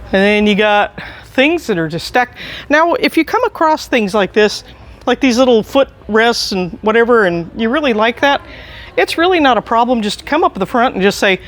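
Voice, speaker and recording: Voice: medium pitch, lively intonation, moderate pace, fairly bright tone. A chatty, enthusiastic staff member giving a casual walking tour indoors in a large antiques mall. They chuckle often and are recorded on a handheld camera while walking.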